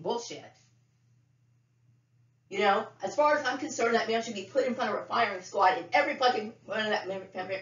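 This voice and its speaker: A middle-aged woman giving an unscripted monologue to camera, talking bluntly, profanely and in circles. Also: fairly low pitch. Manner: blunt, profane, repetitive ranting. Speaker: vlogger. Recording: roomy, dull lo-fi sound.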